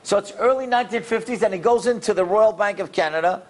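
Animated male storyteller, fairly high voice. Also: fast talker. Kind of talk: storytelling talk to an audience.

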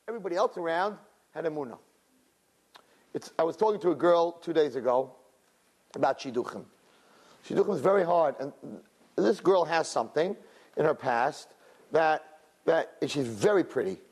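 Male religious teacher, storytelling delivery, slightly high and very animated, casual asides. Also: moderate pace, pauses often, husky. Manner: animated, with many "you know" and "right?" asides; acts out crowd voices in high, loud bursts. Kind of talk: storytelling lesson.

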